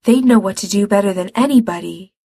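A woman's voice: mid-range voice, a little fast, vocal fry, mellow, husky, dry recording, studio quality. A woman voicing an anxious, determined young man who speaks urgently and presses for answers in a read-aloud story.

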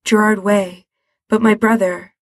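A woman's voice: mid-range voice, fairly even intonation, measured pace, no echo, studio quality, lightly acted. A woman voicing an anxious, determined young man who speaks urgently and presses for answers in a read-aloud story.

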